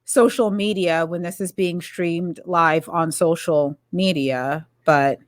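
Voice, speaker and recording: A woman's voice: fairly low pitch, steady tone, slow pace, dry recording, clean studio sound. A woman co-hosting a podcast in casual chat, talking in a rambling, candid way and correcting herself as she goes. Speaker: podcast co-host.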